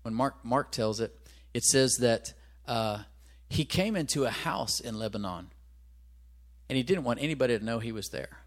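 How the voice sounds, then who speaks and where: A man's voice: medium pitch, expressive, moderate pace. A man preaching a sermon in a conversational way, asking the congregation rhetorical questions and stopping to search aloud for his references. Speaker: pastor.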